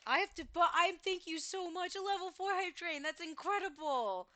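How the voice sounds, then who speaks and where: A gushing, giggly woman streams herself gaming and chats casually with her viewers. Her high, bright voice unhurriedly exclaims thanks, and it is recorded dry and close. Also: moderate pace, no echo. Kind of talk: casual live-stream chat while gaming.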